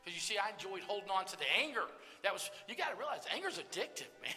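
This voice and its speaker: An older man giving an earnest testimony sermon, with loud stresses and hushed lines, speaking straight to the crowd. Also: high voice, very animated, fast. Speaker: recovery ministry speaker. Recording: live hall recording with reverb and faint music.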